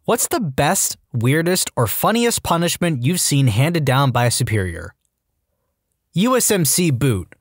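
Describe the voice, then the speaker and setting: Man, scripted story narration, very animated pitch, dry studio sound, expressive delivery. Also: measured pace, slightly rough, no room sound. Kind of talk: scripted narration of online stories.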